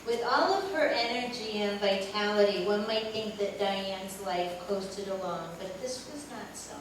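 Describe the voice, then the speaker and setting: A woman's voice: medium pitch, a little slow. An older woman giving a memorial tribute speech, telling fond stories of her friend with humor. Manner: warm storytelling with laughter. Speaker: eulogy speaker. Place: large echoey hall. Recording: echoey hall from far off, noisy.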